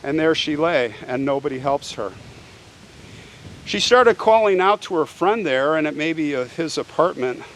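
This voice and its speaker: A man's voice: on the high side, expressive, normal speed, a little hiss or hum. A man hosting a show, retelling a true crime case in a casual, conversational way and often asking the listener "right?". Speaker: host, true crime storyteller.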